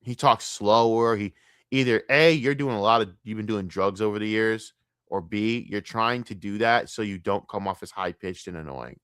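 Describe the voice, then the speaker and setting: Gruff, scornful man ranting in a dry room. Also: on the low side, moderate pace, a bit bright, no echo. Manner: blunt, scornful, swears heavily. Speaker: streamer reacting to a documentary. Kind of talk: profane reaction rant.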